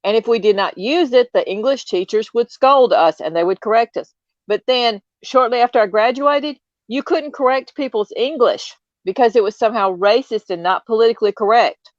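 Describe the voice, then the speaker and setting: A woman's voice: a little high, normal speed, no echo. A woman in her fifties with a light Southern US accent, chatting in an opinionated, emphatic way and repeating points for stress. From United States. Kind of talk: casual chat on a livestream. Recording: slightly dull lo-fi audio.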